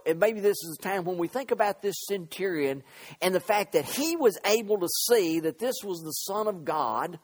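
Fervent male preacher, high voice, halting delivery full of fillers. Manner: fervent, with many fillers and repeated words. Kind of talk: sermon.

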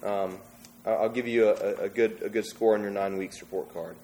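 Animated young man preaching a sermon. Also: on the low side, brisk. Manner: animated, conversational preaching with bursts of emphasis.

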